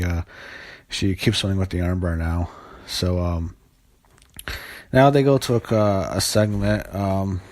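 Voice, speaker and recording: Casual low-voiced man recapping wrestling. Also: darkish tone. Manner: loose and rambling, many fillers, blunt and profane. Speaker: wrestling show reviewer.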